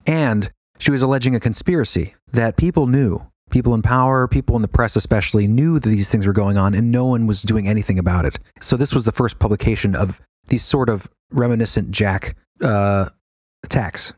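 A man's voice: fairly low pitch, a little fast, darkish tone, no echo, studio quality. A man co-hosting a podcast, chatting casually and a bit hesitantly as he explains history. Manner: rambling, hesitant, with fillers. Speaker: podcast co-host.

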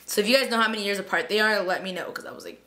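A young woman recaps a TV episode in a rapid, gushing chat, her speech packed with "like" and loosely quoted lines. She sounds tired in the middle of the night, with a voice of middling pitch. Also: bright, forceful tone. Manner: gushing, lots of "like", quotes characters in paraphrase. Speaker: vlogger reviewing a TV episode. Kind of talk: casual chatty recap.

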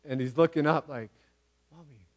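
A man's voice: on the high side, normal speed. A man preaching a casual, conversational sermon, earnest and repeating phrases for emphasis, with everyday slang. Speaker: pastor.

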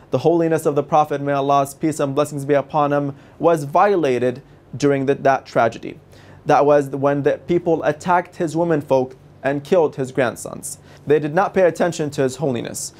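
A man presenting a religious television series, giving a formal, measured and reverent scripted lecture. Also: fairly high pitch, darkish tone.

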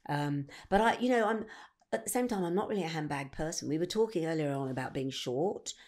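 Wry woman, low voice. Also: animated, a little fast, a little mellow. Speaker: podcast guest. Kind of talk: casual chat.

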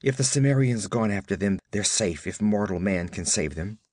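A man's voice: fairly low pitch, expressive, normal speed, a little mellow. Man voicing a frightened pleading frontier wife. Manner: pleading, wailing.

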